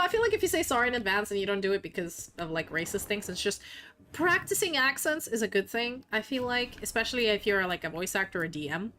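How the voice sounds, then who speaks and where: A woman's voice: mid-range voice, pushed and bright, a little hiss or hum. A young woman streaming a video game, chatting casually in a playful, joking way and swearing freely. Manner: playful, swearing, laughing often. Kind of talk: casual gaming commentary.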